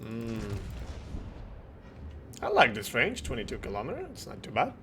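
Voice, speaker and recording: A man from Croatia chatting casually while streaming a game, animated and joking, swearing and laughing often. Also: medium pitch, normal speed, slight background noise. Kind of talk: casual gameplay chat with chat replies.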